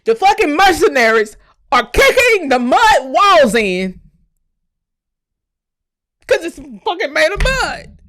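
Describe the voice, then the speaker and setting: Profane ranting woman vlogger, higher voice. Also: very animated, slow pace, pauses often. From United States. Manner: profane, heated, swings from muttering to shouting. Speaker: channel host. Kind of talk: ranting commentary vlog.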